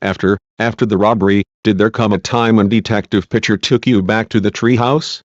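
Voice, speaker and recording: A man reading a male defense lawyer's questions, measured and reassuring, in a dull lo-fi recording. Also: on the low side, steady tone, no room sound, lightly acted. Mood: courteous. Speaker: cross-examining lawyer.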